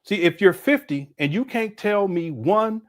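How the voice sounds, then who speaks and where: A man's voice: sits high, lively intonation, a little slow. A middle-aged man hosting a livestream, reacting to a clip with frequent laughter and chatting to viewers. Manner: laughs a lot, talks to chat viewers. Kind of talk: casual reaction commentary.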